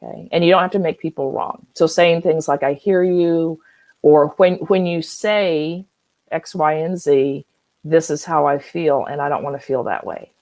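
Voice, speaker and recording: Calm low-voiced woman coaching. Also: dry recording, rough recording. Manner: calm, measured, acts out sample phrases. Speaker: wellness workshop host. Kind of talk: live online workshop talk.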